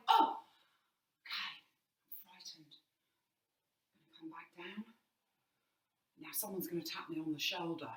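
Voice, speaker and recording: A woman's voice: low-pitched, bright, forceful tone, voice pushed down. Woman playing a gasping, frightened cowardly lion. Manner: gasping, whispering and yelping in fright. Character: timid cowardly male lion, jumpy and fearful. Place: indoor room. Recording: roomy, mic at a distance.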